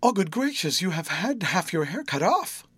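A man voicing a sweet, childish young schoolgirl who talks in a lilting, playful way with sudden high bursts. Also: big pitch swings, moderate pace, a bit bright, breathy edge, no echo, heavily acted. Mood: girlish, playful.

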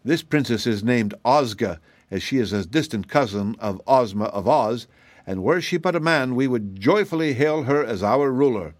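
A man's voice: mid-range voice, animated, moderate pace, no room sound, natural voice. A man voicing a meek, dutiful gardener in a storybook, explaining things earnestly.

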